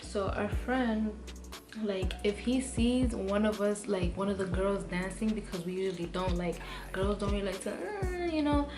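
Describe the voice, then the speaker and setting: A woman's voice: medium pitch, lively intonation. Young woman ranting a storytime, swears a lot, says like constantly, music going in the back. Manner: heated, profane, fast-rambling with many "like"s. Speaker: vlogger. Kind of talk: casual storytime monologue. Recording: music playing behind her voice.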